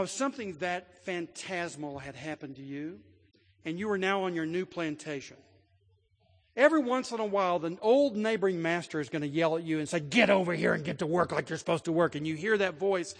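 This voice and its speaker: A man preaching a sermon with a notably high voice. His delivery moves from quiet storytelling to emphatic declarations. A long reverb from a large hall trails behind every phrase. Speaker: pastor.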